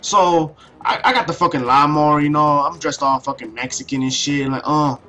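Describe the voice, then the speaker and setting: A man's voice: a little high, steady tone, moderate pace, pushed and bright. A young man telling a story over gameplay in a casual, profane, ranting way, with many restarts. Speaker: video commentator.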